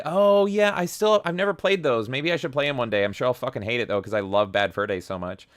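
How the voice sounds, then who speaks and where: A man's voice: medium pitch, a little fast, hardly any pauses, fairly bright tone, dry recording, clean studio sound. A man hosting a livestream, energetically reading viewer comments aloud and reacting with casual profanity. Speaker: livestream host.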